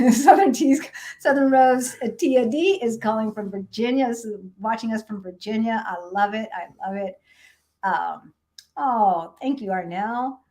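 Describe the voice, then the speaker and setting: A woman's voice: a little high, unhurried, a little mellow. A middle-aged woman chatting casually on a live stream, reading viewers' comments aloud and laughing often. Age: 50s. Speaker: vlogger reading live chat.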